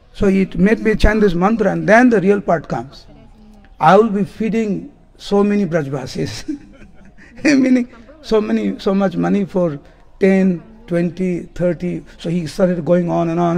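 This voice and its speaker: A man, telling devotional stories as a spiritual teacher, animated and often laughing as he acts out what people said. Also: sits high, normal speed, creaky. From India. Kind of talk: devotional storytelling lecture. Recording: long hall reverb.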